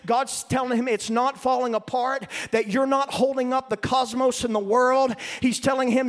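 A man's voice: very high voice, fairly even intonation, moderate pace, hardly any pauses. A man preaching a sermon with an impassioned, cadenced delivery. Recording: long reverb of a large hall.

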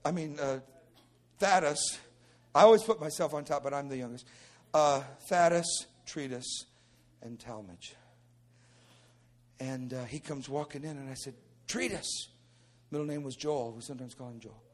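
A middle-aged male pastor telling a testimony in a sermon, moving from low storytelling into shouted preaching. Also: normal speed.

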